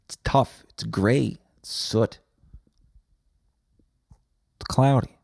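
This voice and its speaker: A man's voice: mid-range voice, very slow, vocal fry, a little mellow, no room sound. A man hosting a podcast, delivering a rambling, profane, sarcastic comedic monologue on a close mic. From Winnipeg, Canada. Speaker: podcast host.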